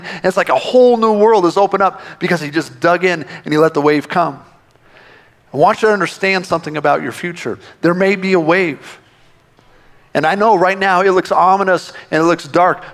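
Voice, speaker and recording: A man preaching a sermon to his church, conversational and animated, often restarting his sentences. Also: high-pitched. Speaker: pastor.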